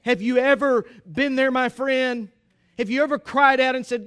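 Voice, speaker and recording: A man preaching a sermon in an emphatic, pleading way, at times rising to a shout. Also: very high-pitched, moderate pace, clean tone.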